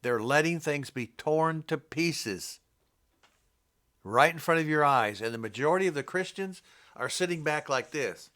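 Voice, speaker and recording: An older man preaches off the cuff in a rambling, scolding monologue. His voice sits a bit high for a man and has a sharp, forceful edge. He jumps from point to point without notes. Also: expressive, a little slow. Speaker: Bible teacher.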